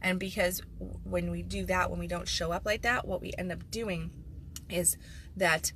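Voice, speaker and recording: A woman's voice: lowish voice, fairly even intonation, normal speed, a bit bright, slight background noise. A woman life coach talking frankly and emphatically in a casual video monologue, with sarcastic asides.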